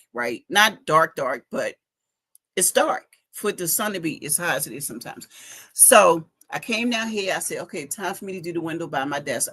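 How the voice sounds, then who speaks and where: Animated husky middle-aged woman. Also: on the low side. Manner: animated, chatty, addresses viewers as y'all. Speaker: fashion week organizer giving a live update. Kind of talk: casual livestream storytelling. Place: her home basement workspace. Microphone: phone livestream.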